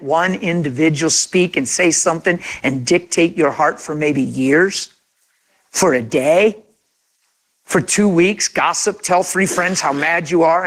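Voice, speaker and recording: A man's voice: on the high side, fairly bright tone. Impassioned man preaching a sermon. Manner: impassioned, conversational, acts out imagined quotes.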